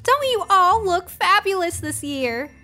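A woman's voice: very high-pitched, expressive, measured pace, sharp tone, faint music behind, pitched above the performer's own voice, exaggerated voice. A woman reading aloud and voicing a cheerful, doting mother fussing over her daughter and friends.

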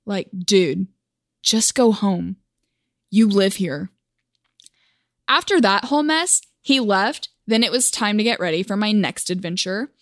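A woman's voice: medium pitch, lively intonation, a little slow, pauses often, dry recording, studio quality. A young woman from Oklahoma telling a personal story for a vlog in a wry, self-mocking, chatty way.

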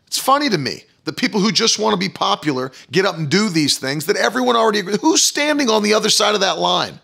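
A man's voice: high voice, lively intonation, fast, gravelly, pushed and bright. A man preaching a fiery sermon, hammering the crowd with rhetorical questions.

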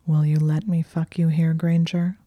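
A woman whispering as a husky dominant young man. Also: flat delivery, moderate pace, mellow, no room sound. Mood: husky, commanding. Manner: low, husky murmur. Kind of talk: whispered role-play.

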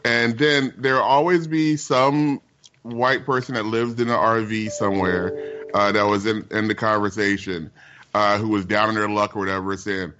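A man's voice: lowish voice, steady tone, moderate pace, pushed and bright, muffled recording. A man co-hosting a casual group chat, rambling emphatically, with frequent restarts and repeated words. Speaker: podcast co-host.

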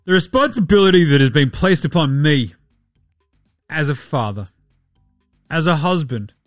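A mock-solemn athlete voiced by a man drones through a stiff, contrived apology. The voice drops low and quiet for the parody. The sound is dry and close. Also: lively intonation, moderate pace, dry recording, soft background music, natural voice.

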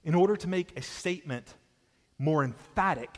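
A man with a Southern US drawl delivers a sermon, his voice sitting a touch high for a man. He presses his points hard, dropping low and then rising loud. A long reverb trails behind him as if in a sanctuary. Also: expressive, normal speed. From Southern United States. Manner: emphatic preacher, swings from quiet to loud. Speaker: pastor.

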